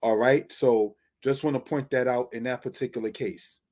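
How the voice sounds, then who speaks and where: A man's voice: medium pitch, steady tone, moderate pace, darkish tone. A man teaching a Bible Hebrew lesson over slides, addressing viewers as brothers and sisters, explaining words step by step.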